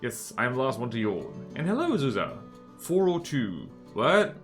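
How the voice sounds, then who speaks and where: A man's voice: medium pitch, huge pitch swings, moderate pace, faint music behind. A man streaming a game live, chatting casually in a rambling, self-mocking and jokey way. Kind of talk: casual live-stream chat while playing.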